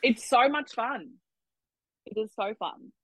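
A young woman chatting casually as a podcast guest, animated and swearing freely as she jokes about complaining. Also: a little high, slow pace, breathy edge, poor audio. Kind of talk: casual chat.

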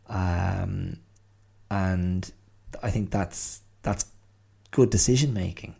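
A man's voice: low voice, slow pace, creaky, long pauses, warm tone, slightly rough. A middle-aged man hosting a podcast, musing aloud in a thoughtful, hesitant way with many restarts. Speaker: podcast host. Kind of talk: reflective solo monologue.

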